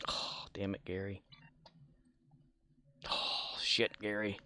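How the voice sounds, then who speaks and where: A man's voice: mid-range voice, animated, moderate pace, gravelly, a bit bright. A man casually chatting on a live game stream, muttering to himself and humming along.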